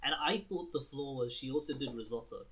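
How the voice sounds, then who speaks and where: A man's voice: mid-range voice, a little fast, slightly rough, dull audio. Young guy co-hosting a podcast, chatty, laughs a lot, swears, does little bits of other people. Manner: animated, laughing, swears, acts out quotes. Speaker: podcast co-host. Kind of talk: casual chat.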